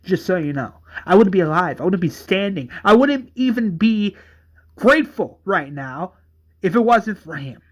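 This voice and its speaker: A man's voice: high voice, animated, normal speed. A man voicing a bitter older brother who defiantly sides with a tyrant in a fan retelling. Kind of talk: fan retelling with voiced characters.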